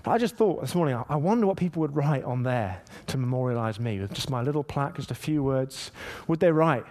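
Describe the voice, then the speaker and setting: A man's voice: medium pitch, quick pace. A man preaching a sermon, reading scripture aloud and acting out quotes with rising emphasis. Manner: animated, emphatic preaching with dramatic voiced quotes. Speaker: pastor.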